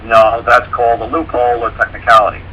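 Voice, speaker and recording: A man's voice: mid-range voice, monotone, quick pace, a crowd in the background, poor audio. A man talking as a guest on a radio show, blunt, folksy and profane, explaining things through homespun stories. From rural mountain area. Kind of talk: casual radio talk.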